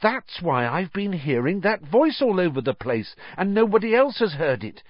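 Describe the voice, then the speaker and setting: A man's voice: sits high, moderate pace, no room sound, muffled recording, voice pushed up. A man voicing an anxious, eager boy wizard of about twelve, piecing clues together urgently. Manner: urgent, excited working-out of clues.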